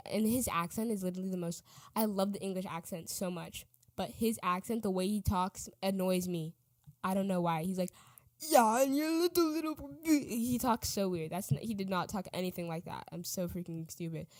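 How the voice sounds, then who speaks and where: A teenage girl hosts a podcast, chatting casually and rambling, often correcting herself and trailing off. Her medium-pitched voice has a darkish tone, with no echo.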